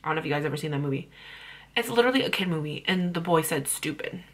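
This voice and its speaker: A woman's voice: low-pitched, lively intonation, rapid-fire, fairly bright tone. A young woman ranting bluntly about parenting on her vlog, heated and full of swearing. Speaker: parenting vlogger.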